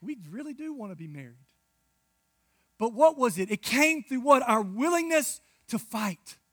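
A male pastor in his thirties preaching with lively storytelling, dropping to hushed asides and then rising to loud bursts. His voice sits high and bright. The sound is close and dry. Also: moderate pace, no echo. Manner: animated storytelling with big swings from hushed to loud. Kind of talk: sermon.

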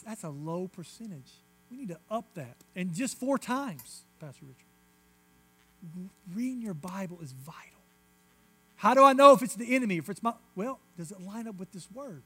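A man delivers a sermon in a high voice. He preaches emphatically, repeating his points insistently, and moves between loud declarations and quiet asides. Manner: repetitive, insistent phrasing. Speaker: pastor.

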